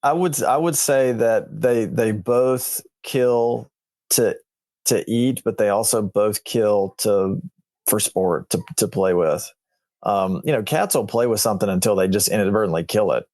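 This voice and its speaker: Give me a relaxed male veterinarian with a lowish voice explaining plainly, recorded dry. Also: unhurried, no room sound. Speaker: veterinarian guest. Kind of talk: casual explanatory chat.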